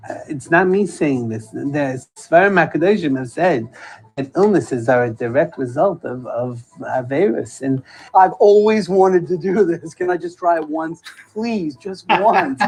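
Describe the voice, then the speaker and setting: A tactless hospital visitor chatters on obliviously, as a man puts him on for a sketch. His pitch leaps up and down animatedly as he rambles, and faint music plays underneath. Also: low-quality recording. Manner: rambling, oblivious, self-absorbed small talk. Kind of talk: comedic sketch monologue.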